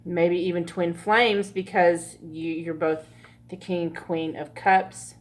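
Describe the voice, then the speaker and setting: A woman's voice: fairly low pitch, little pitch movement, takes it slowly. A woman giving a casual pick-a-card tarot reading, chatty and laughing often, with frequent swearing. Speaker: tarot reader.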